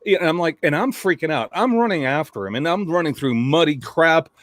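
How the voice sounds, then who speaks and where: A man hosting a casual podcast from a remote call, telling stories in an animated, joking way with some cussing. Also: on the high side, brisk, no room sound, clean studio sound. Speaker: podcast host. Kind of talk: casual chat. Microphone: remote call mic.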